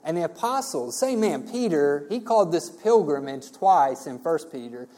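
Mellow-voiced man teaching scripture. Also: fairly high pitch, lively intonation, normal speed. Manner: conversational, asks rhetorical "right?" checks. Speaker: preacher. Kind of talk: verse-by-verse Bible teaching.

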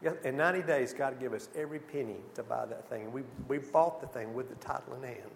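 A man giving a church mission presentation with slides, a lively storyteller who acts out the conversations he describes. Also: medium pitch, quick pace, creaky, slight background noise. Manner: lively storyteller, acts out dialogue, exclaims "whew". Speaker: missionary speaker.

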